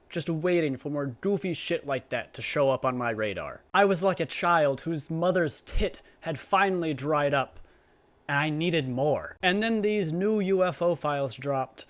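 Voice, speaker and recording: A man with a fairly high, sharp, bright voice, ranting through a comedy commentary. He is crude and sarcastic and never lets up on the mockery. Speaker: YouTube commentator.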